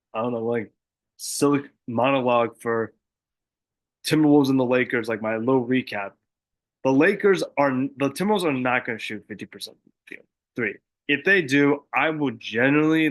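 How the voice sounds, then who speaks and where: A man's voice: medium pitch, fairly bright tone. A young man hosting a sports podcast, giving his picks in a casual, rambling monologue full of fillers and self-corrections. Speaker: podcast host.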